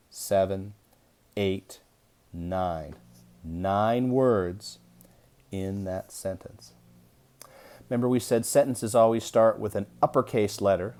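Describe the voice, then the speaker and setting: A young adult man teaching an early-grade reading lesson, reading aloud slowly and deliberately to young children. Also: deep voice, a little mellow.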